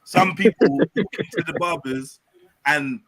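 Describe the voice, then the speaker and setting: A man's voice: fairly high pitch, measured pace, a crowd in the background, rough recording. A man chatting casually in a playful, teasing way. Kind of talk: casual chat.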